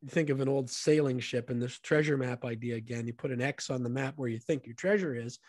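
A man's voice: mid-range voice, fairly quick, a little mellow, no echo, studio quality. A man, a guest on a podcast, telling stories in an earnest and enthusiastic way. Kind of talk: casual storytelling conversation.

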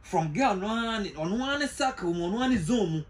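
A man with a Ghanaian accent in an emotional interview, halting and repeating words. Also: sits high, expressive, recorded from a distance. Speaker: brother of the deceased, interviewee. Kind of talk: emotional interview in Twi and English.

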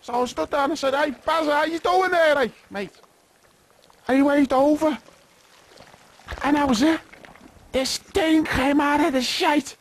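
A man voicing a nervous, rambling male bug worker in a game cutscene. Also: very high voice.

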